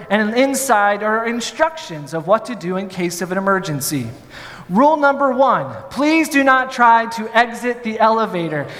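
A male pastor telling a story in a sermon, in an animated, playful way. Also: sits high, long reverb tail.

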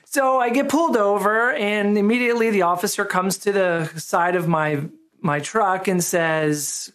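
A man's voice: high-pitched, unhurried, smooth. Male pastor, conversational sermon, easygoing storyteller who pokes fun at himself. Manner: relaxed storytelling, self-deprecating humor.

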